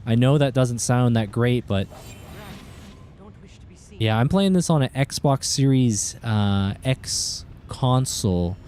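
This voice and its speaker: A man streaming a game live, chatting casually with viewers and reacting with excited outbursts. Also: medium pitch, slow.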